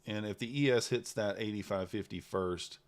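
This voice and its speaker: A man livestreams his futures trading, commenting casually as he goes. He thinks aloud at an easygoing, low-key pace.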